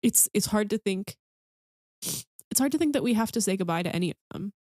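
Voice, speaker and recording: A woman's voice: mid-range voice, expressive, fairly quick, darkish tone, dry recording, studio quality. Tearful, earnest woman podcast co-host. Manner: earnest and emotional, with many fillers. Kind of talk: casual book discussion.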